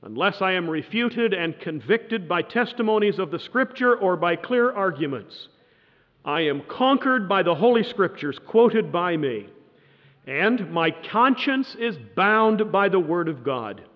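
A lecturer quoting a defiant monk-professor on trial, slow and solemnly firm, in a dull echoing hall. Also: male voice, high voice, big pitch swings. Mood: solemn defiance. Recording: dull lo-fi sound in a reverberant hall.

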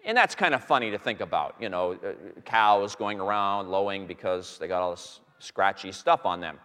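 A man teaching on a Bible passage to a live audience, telling it as an animated story with many fillers and restarts. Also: low voice, normal speed. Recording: long hall reverb.

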